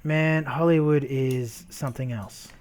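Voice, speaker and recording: A man's voice: mid-range voice, fairly even intonation, a little slow, a little mellow. A man from Australia with an Australian accent, hosting a casual chat in a rambling, self-deprecating way. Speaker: host.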